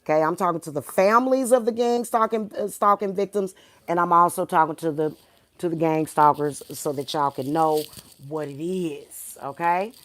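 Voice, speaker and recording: A woman, hosting her spiritual channel. She rants to viewers bluntly and profanely, swinging from soft talk to loud outbursts. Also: fairly low pitch, normal speed, dry recording. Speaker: spiritual reader, channel host. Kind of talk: heated monologue to viewers.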